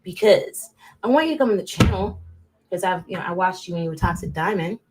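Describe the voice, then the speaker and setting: A woman hosting a casual livestream, rambling and chatting directly to her viewers, swinging between loud bursts and muttered asides. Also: fairly low pitch, lively intonation, fairly quick, background noise. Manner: rambling, chatty, talks straight to chat viewers. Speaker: livestream host.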